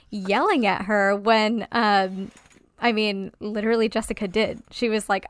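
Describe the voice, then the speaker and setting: A woman co-hosting a casual discussion, animated, swearing freely and using many fillers. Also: mid-range voice, measured pace, smooth, dry recording, clean studio sound. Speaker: podcast co-host.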